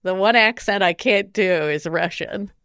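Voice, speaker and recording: A woman's voice: mid-range voice, unhurried, fairly bright tone, no room sound, studio quality. A woman co-hosting a podcast in casual chat, giggly and playful, often breaking into laughter. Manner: giggly, playful, tries out silly accents. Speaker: podcast co-host.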